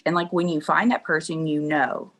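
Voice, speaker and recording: A woman's voice: low voice, level tone, normal speed, fairly bright tone. A middle-aged woman, an interview guest, candidly telling personal stories and laughing along as she talks. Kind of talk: emotional personal storytelling.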